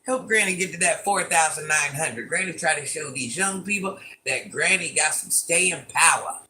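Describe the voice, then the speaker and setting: Her voice is deep, pushed and bright, delivered at a normal speed with a little hiss or hum behind it. She's a woman of roughly fifty livestreaming by phone from her living room, reading comments aloud, teasing viewers with playful repeated lines, and calling herself Granny.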